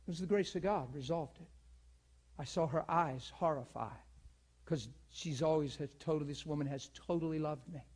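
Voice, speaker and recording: Male preacher, husky and a touch high, emphatic sermon delivery with loud and soft swings. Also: moderate pace. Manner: emphatic, swings between yelling and hushed.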